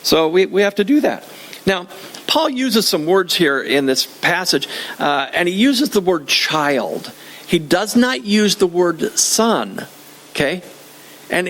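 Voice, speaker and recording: A man's voice: high-pitched, fairly bright tone. An older man preaching a sermon in a church, conversational and joking, often repeating his phrases. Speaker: pastor.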